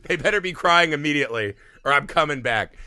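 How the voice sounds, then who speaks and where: Animated, swearing podcast man. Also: a little high, fast, no echo, studio quality. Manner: animated, profane, acts out characters' lines. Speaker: podcast co-host. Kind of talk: casual movie-review chat.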